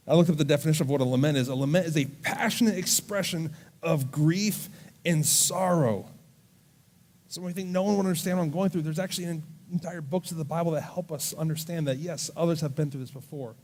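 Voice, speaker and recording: A man preaching earnestly to a youth service, speaking gently and slowing down to read scripture aloud. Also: fairly high pitch. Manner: earnest, gentle, slows down when reading scripture. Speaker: youth pastor. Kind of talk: sermon to a student audience. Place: church service.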